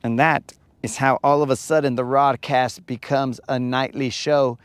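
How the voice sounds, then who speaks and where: A man's voice: medium pitch, fairly even intonation, normal speed, clean tone, no room sound. A man hosting a live fishing stream from a lake at night, chatting casually and joking with his viewers. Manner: joking, rambling, teasing viewers.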